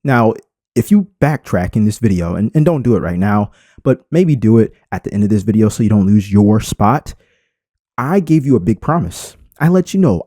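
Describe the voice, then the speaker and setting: A man talks through an unscripted tutorial, and his pitch keeps leaping up and dropping back as he punches his points. His voice is mellow and warm, and it sits dry and close with no room around it. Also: breathy edge, dry recording. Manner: unscripted, emphatic, swings inflection for effect. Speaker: YouTube creator. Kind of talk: screen-recorded tutorial talk.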